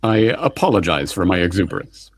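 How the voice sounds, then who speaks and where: A man's voice: deep voice, lively intonation, brisk, no echo, clean studio sound. A man voicing a formal, exact and overly polite household robot butler in an audiobook. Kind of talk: audiobook character reading.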